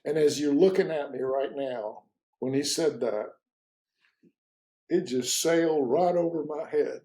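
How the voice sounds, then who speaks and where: A man telling a story in an interview, in a halting way with many repeats and fillers, and lively when he retells conversations. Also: a little high, poor audio. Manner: animated when retelling dialogue. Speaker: interview guest.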